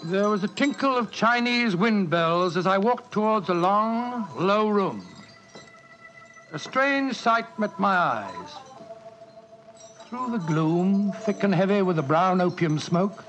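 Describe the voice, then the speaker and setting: An actor playing a proper doctor who narrates in a measured, dramatic way, in the style of a 1940s radio drama. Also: male voice, high-pitched, expressive, a bit bright, exaggerated voice. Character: earnest male doctor narrator, proper and upright. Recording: dull old radio recording with music.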